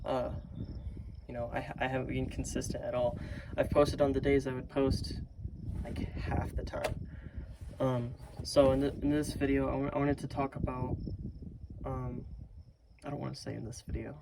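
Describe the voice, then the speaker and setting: A man's voice: mid-range voice, level tone, normal speed, creaky, pauses often. A man giving a casual, earnest motivational talk to camera, rambling with many fillers and restarts. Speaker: self-improvement vlogger. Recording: loud vehicle noise behind.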